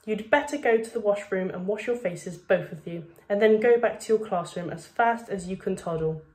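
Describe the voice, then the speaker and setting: A woman's voice: medium pitch, normal speed, darkish tone, echoey room, close to an everyday voice. A woman voicing a fussy, old-fashioned female school teacher with prim speech.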